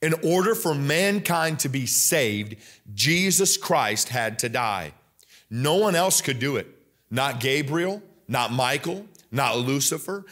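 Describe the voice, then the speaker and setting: A young adult man with an American Midwest accent preaching a sermon in a church, rising higher and louder at the climaxes. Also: a little slow. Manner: emphatic preaching, rising loud and high at climaxes. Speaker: pastor.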